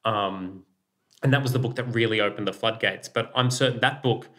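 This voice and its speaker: An Australian man talking as a guest in a relaxed interview, his voice bright and forceful. He tells stories in an animated way, swears freely, and acts out what other people said. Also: fairly low pitch, brisk. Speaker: children's author, guest. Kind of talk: casual interview storytelling.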